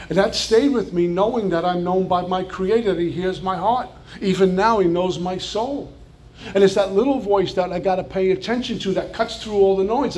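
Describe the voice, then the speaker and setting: This New York man speaks with a New York accent in a fairly high voice with a darkish tone. He gives an earnest recovery testimony about his own life, broken up by flashes of wry humor.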